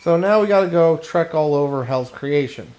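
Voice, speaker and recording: A man's voice: fairly high pitch, expressive, normal speed, darkish tone. A man streaming a game, talking through gameplay in casual, mumbled asides into a desk microphone. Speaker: gaming streamer.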